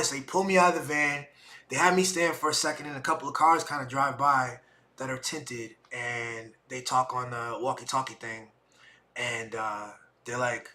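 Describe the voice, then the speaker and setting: Speaking at normal speed in a medium pitch, a middle-aged man on his podcast relates a personal story with emotion. He performs the dialogue of those involved in a lively, animated way.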